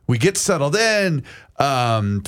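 A middle-aged man hosting a casual talk show. His voice is mid-pitched and unremarkable, and he tells chatty stories, slipping quickly into sponsor plugs. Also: big pitch swings, a bit bright, clear, resonant tone. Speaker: radio show host. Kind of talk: casual chat.

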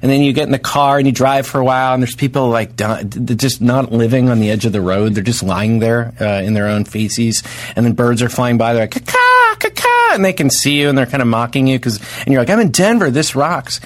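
Rambling deadpan man telling tall tales. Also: mid-range voice, brisk. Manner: rambling, deadpan, exaggerated storytelling. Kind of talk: casual comedic chat.

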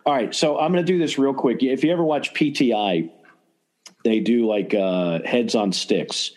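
A man's voice: medium pitch, normal speed, darkish tone. Rambling, enthusiastic man hosting sports talk. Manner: rambling, enthusiastic, frequent restarts. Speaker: podcast host.

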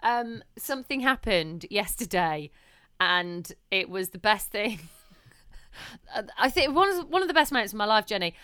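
Woman co-host, bright crisp voice, chatty, laughs a lot, dry close sound. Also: medium pitch, expressive, normal speed, no echo. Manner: chatty, laughs often, trails off with ums. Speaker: podcast co-host. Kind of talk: casual chat.

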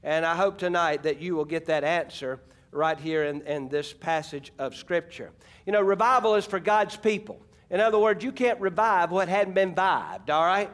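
A middle-aged pastor from Arkansas, USA, speaks in a high, slightly bright voice at a moderate pace. He preaches a folksy, emphatic sermon and calls out to his congregation.

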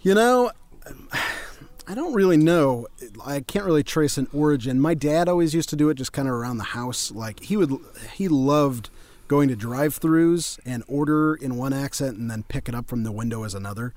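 A man from Colorado, a voice actor chatting as a guest in an interview, telling stories in a relaxed, self-deprecating way. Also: medium pitch, normal speed, dry recording. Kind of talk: casual interview chat.

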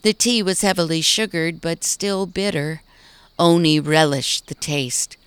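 A woman narrating a storybook in a calm, even storytelling manner. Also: fairly low pitch, measured pace, clean tone, dry recording.

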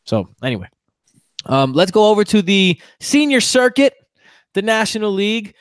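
High-pitched new york guy on a sports pod, gets fired up and cursing, dry mic. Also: sing-song, moderate pace, clean tone, no room sound. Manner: fiery, ranting, swearing fan. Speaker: podcast co-host. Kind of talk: casual sports chat.

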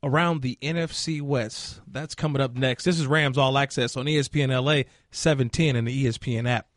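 A man hosting a sports radio show, upbeat and quick to laugh along with his co-host. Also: mid-range voice, fairly even intonation, no room sound, studio quality.

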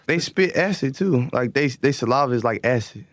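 A man's voice: mid-range voice, animated, moderate pace, no echo. A young man guesting on a sports talk show, slangy and laid-back, with lots of "like." He has a mid-range voice on a dry, close mic. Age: young adult. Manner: slangy, laid-back, talks with his hands in words ("like"). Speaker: guest football player. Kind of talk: casual chat.

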